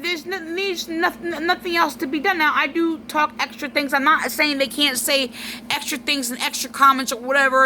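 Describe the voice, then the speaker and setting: A woman's voice: sits high, pushed and bright, a little hiss or hum, low-quality recording. A tearful woman rambling through a personal vlog monologue, full of restarts and fillers.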